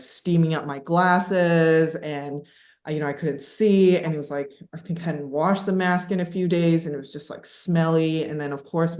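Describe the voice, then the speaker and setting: A woman in her thirties telling a personal story as a podcast guest, animated and laughing, with many fillers. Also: low voice. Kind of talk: casual storytelling interview. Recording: echoey room.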